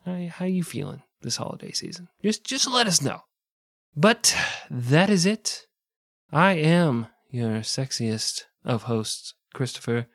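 Joking American podcast host, dry mic. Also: male voice, mid-range voice, animated, unhurried, creaky, few pauses, fairly bright tone, no echo. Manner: joking, crude, playful. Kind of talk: casual podcast outro banter.

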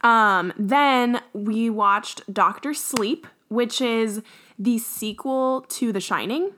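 A woman's voice: fairly high pitch, takes it slowly, sharp tone. A young woman co-hosting a podcast, chatting casually with lots of fillers and giggles. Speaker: podcast co-host. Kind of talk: casual chat.

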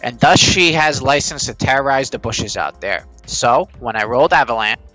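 A man's voice: mid-range voice, normal speed, bright, forceful tone, soft background music. A man co-hosting a podcast in casual, upbeat chat. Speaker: podcast co-host.

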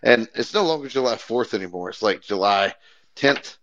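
A man's voice: fairly low pitch, expressive, normal speed, fairly bright tone. Laid-back rambling man, lo-fi. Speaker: podcast co-host. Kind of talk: casual chat. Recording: dull lo-fi sound.

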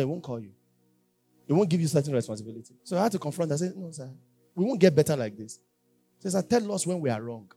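Emphatic high-voiced preacher. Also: male voice, no room sound. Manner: emphatic, repeats phrases, swings between loud exhortation and quiet asides. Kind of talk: sermon.

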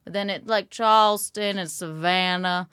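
A woman's voice: lowish voice, moderate pace, a bit bright, smooth, dry recording, clean studio sound. A woman comedian from South Carolina, a guest in a casual podcast chat, chatty, laughing and self-deprecating. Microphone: studio microphone.

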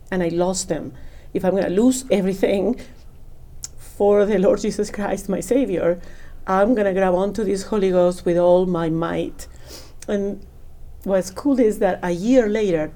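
A woman telling a personal conversion story with feeling, acting out the voices of the people in it. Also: medium pitch. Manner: emotional, animated, acts out dialogue.

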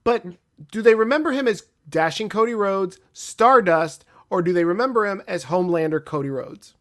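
A man's voice: sits high, animated, normal speed, a bit bright. A man co-hosting a podcast in a casual debate, pushing back and challenging the others, with some swearing. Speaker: podcast co-host.

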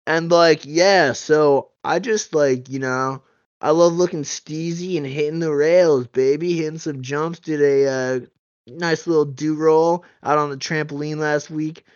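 A boastful, dim-witted young bro skier, played by a man with a slangy surfer drawl and a smooth, fairly high voice. The audio is dry and a little muffled. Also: fairly even intonation, unhurried, no echo, close to an everyday voice. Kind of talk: improv comedy character.

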